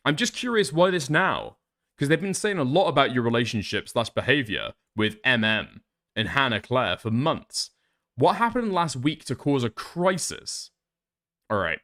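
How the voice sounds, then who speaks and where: A man's voice: medium pitch, fairly bright tone. A man streaming casual commentary on online drama, sarcastic and profane, reading messages aloud.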